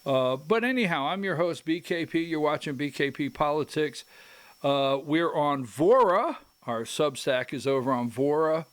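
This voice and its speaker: A man's voice: on the high side, animated, moderate pace. A man hosting a political commentary show who rambles, breaks into his own sentences and adds emphatic asides. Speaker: host.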